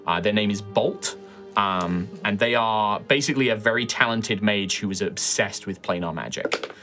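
A man's voice: lowish voice, moderate pace, pushed and bright, soft background music. A man running a tabletop game as game master, describing characters with many ums and likes.

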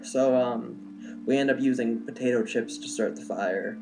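A man's voice: mid-range voice, measured pace, vocal fry. A young adult man telling a personal story in a casual, rambling way, full of "like" and "um". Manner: rambling, heavy use of "like" and "um".

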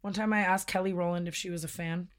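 Fast-talking young woman telling stories. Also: fairly low pitch, steady tone. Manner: fast rambling storyteller, full of "like" and laughs. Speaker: podcast co-host. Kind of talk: casual chat.

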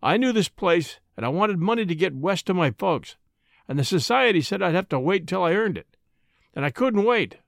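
A man reading the part of a bitter, hopeless ex-convict burglar, speaking hoarsely, fiercely and doggedly. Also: high voice, a bit bright, no room sound, clean studio sound, full character voice.

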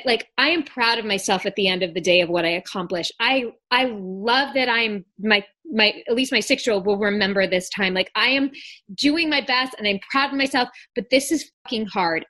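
Brief: bright, slightly high woman in her thirties, podcast co-host, candid rambling chat with swearing. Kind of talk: casual chat.

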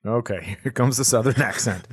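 A man's voice: mid-range voice, husky. A man hosting a comedy podcast, reading out his tour dates in casual, joking banter. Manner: quick, joking, laughs often. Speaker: comedian host.

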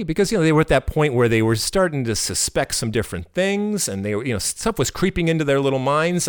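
Animated middle-aged man co-hosting a podcast. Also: fairly high pitch, quick pace, few pauses, clear, resonant tone. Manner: animated, exasperated outbursts, repeats words. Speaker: podcast co-host. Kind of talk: casual chat.

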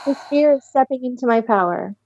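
A tapping practitioner leads a guided session with breathing, giving calm step-by-step instructions and leading group repetition. She sighs deeply and yawns audibly between phrases, speaking briskly. The audio is dull, with slight background noise.

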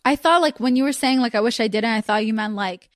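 A young woman hosts a podcast in casual chat, talking fast with a higher voice. She tells stories animatedly and acts out the voices in her quotes. The sound is dry and close. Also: no room sound. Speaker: podcast host.

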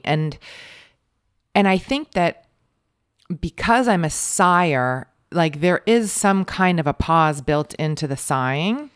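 Low, smooth-voiced woman in her forties. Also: lively intonation, slow, no echo, studio quality. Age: 40s. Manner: soft, reflective, thinks aloud. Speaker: podcast host. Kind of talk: casual conversation.

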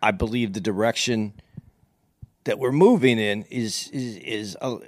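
A man in a podcast chat, speaking in a measured way as he calmly pushes back on his co-host. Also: lowish voice, no echo, studio quality. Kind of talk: casual chat.

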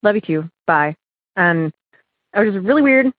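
A woman's voice: medium pitch, lively intonation, normal speed, no room sound. A woman calling in from Ohio, chatting through a story with many fillers and laughs. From Ohio, USA. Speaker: caller. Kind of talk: casual phone-in story. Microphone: phone. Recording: tinny dry phone line.

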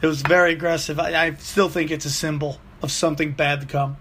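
High bright-voiced dude ranting and cursing through a funny story on his show. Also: fairly quick, a little hiss or hum. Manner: profane, rambling, animated storyteller. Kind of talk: comedic rambling monologue.

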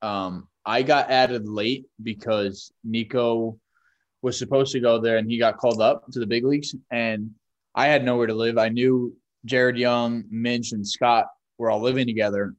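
Young man, podcast co-host, casual banter, mid-pitched voice. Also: fairly even intonation, moderate pace, dull audio. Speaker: podcast co-host, pro baseball player. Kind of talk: casual chat.

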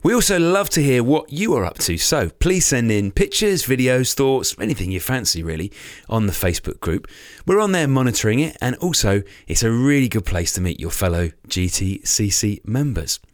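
A man's voice: medium pitch, very animated, normal speed, no echo, clean studio sound. A man co-hosting a cycling podcast, reading club notices in an upbeat, chatty way. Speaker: podcast co-host. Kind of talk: casual chat.

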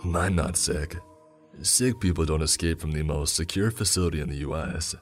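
A man's voice: a bass voice, normal speed, faint music behind, heavily acted. A man doing a charming, gloating male killer. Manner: smooth, mocking, self-justifying.

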